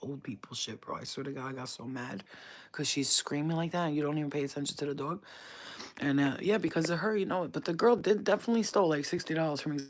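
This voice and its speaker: A woman talking loosely on a live stream from her house late at night, her speech thick with slang and profanity. She switches easily between storytelling and soft, cooing baby talk aimed at her dog. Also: sits low, quick pace. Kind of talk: casual live-stream chat. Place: at home at night.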